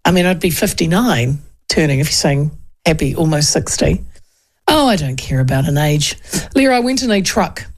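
A woman's voice: sits low, animated, moderate pace. A New Zealand woman in her fifties hosting a radio talk show, chatting casually and rambling through political polls with frequent ums and asides. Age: 50s.

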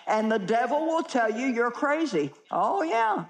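A woman teaching a sermon to a live audience, telling stories with wide swings in pitch. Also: big pitch swings, measured pace. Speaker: Bible teacher. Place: large hall with audience. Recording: echoey hall.

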